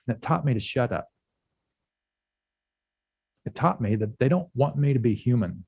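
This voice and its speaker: Guy pastor preaching, candid and halting, dry close sound. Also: mid-range voice, warm tone, husky, no echo. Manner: candid, halting, with pauses and restarts. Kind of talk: sermon. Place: church.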